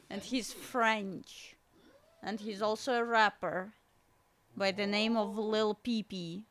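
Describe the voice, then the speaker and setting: Slow-talking amused woman streamer. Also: medium pitch, fairly even intonation, a bit bright. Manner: amused, giggly. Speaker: streamer playing a game. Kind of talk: casual commentary.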